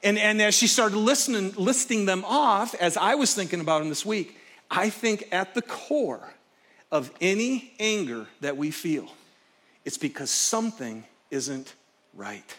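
A middle-aged man preaching a sermon from a stage, telling personal stories expressively and swinging from loud excitement to hushed intensity. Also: high voice, a little slow. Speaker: pastor. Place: stage before a live congregation.

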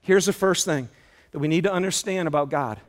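A man preaching a sermon in an auditorium, telling stories with lively acted-out dialogue. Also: brisk. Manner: animated storytelling, acts out dialogue with loud high shouts. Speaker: pastor.

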